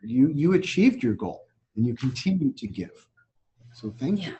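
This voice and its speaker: A man's voice: mid-range voice, big pitch swings, normal speed, mellow, husky, muffled recording. A man hosting a casual conversation, thoughtful and hesitant in how he speaks. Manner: hesitant, many fillers and restarts, thoughtful. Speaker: host. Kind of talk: casual chat.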